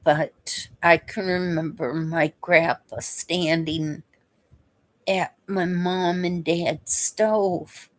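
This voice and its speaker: A woman telling stories from her past in a casual, unhurried way, chuckling now and then between memories. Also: on the low side, steady tone. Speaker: vlogger. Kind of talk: casual storytelling.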